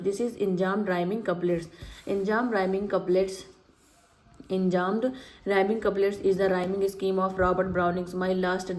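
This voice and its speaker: A teacher goes through exam questions in a study lecture, reading every option aloud before slowly repeating the correct answer. She has a mellow, flat, mid-range voice, and the room echoes.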